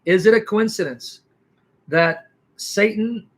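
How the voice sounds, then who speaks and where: Casting: male apologist, fairly high pitch, forceful, lecturing, full of rhetorical questions. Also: slow pace. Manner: emphatic, rhetorical questions, clears throat. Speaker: Christian apologist guest. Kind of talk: animated theological argument.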